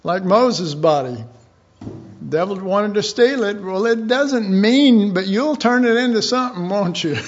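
Slow, folksy preacher man. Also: high-pitched, highs cut off. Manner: rambling, folksy, chuckles often. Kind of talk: informal sermon.

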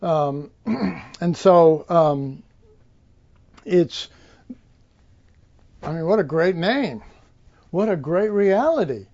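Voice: medium pitch, expressive, extremely slow, long pauses, darkish tone, muffled recording. A preacher giving an informal Bible teaching, rambling with many fillers and restarts.

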